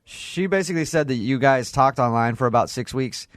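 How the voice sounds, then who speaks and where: A man's voice: medium pitch, fairly quick, no room sound. A man hosting a morning radio show, playful and teasing, laughing often as he talks to callers. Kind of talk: morning radio prank-call chat.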